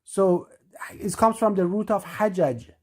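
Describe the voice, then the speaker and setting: A woman teaching scripture in an emphatic way, reading verses aloud and slowing down to stress key words. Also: medium pitch, lively intonation, dark tone. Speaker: religious teacher.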